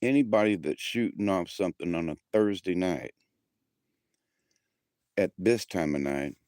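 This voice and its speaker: A man's voice: sits low, a little slow, a little mellow, dry recording, studio quality. A man, chatting casually to a live audience outdoors at night in a folksy, meandering way. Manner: folksy and meandering, with frequent restarts. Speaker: livestream host. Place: outdoors at night by his house. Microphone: handheld camera.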